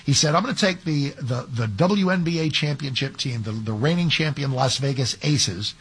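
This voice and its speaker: Radio talk host, husky conversational man. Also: mid-range voice, normal speed, fairly bright tone. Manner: conversational, sarcastic asides, frequent restarts.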